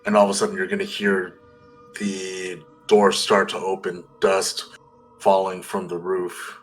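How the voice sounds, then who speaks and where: A man playing a tabletop game, describing his character's actions deliberately with many hesitations. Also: sits low, monotone, soft background music, rough recording. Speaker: player.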